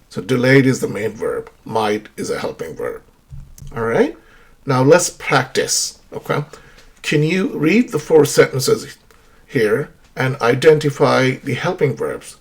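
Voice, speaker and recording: A male English teacher talks through a grammar lesson with a husky edge to his voice. His pitch rises and falls a lot as he works through one example sentence after another. He keeps checking in with the learner as he goes. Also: big pitch swings, unhurried. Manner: explains with many examples and checks in with "right?".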